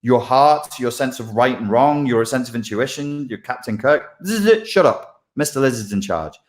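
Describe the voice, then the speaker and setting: A man, a life coach, explaining his ideas in a loose, animated livestream monologue full of asides. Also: mid-range voice, normal speed.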